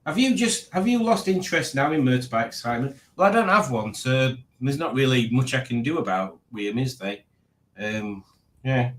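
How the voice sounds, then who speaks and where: A man's voice: mid-range voice, expressive, normal speed, fairly bright tone. A man hosting a casual livestream, rambling and reading out viewer comments. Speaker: livestream host.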